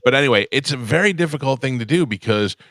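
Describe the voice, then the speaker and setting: A man's voice: mid-range voice, expressive, a bit bright, no echo, studio quality. A man hosting a radio talk show, chatting casually with a guest and rambling through his own stories. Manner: rambling storyteller, quick reactions. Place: radio studio.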